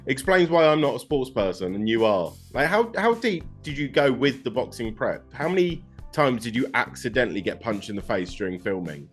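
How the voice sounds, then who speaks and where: A man's voice: mid-range voice, animated, a little fast, few pauses, slightly rough, soft background music. A man interviewing a guest, joking and playful in his questions.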